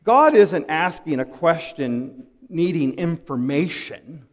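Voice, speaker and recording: A pastor preaching a sermon, dramatic and full of rhetorical questions, swinging from hushed to loud. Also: male voice, a little high, lively intonation, slow pace. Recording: long hall reverb.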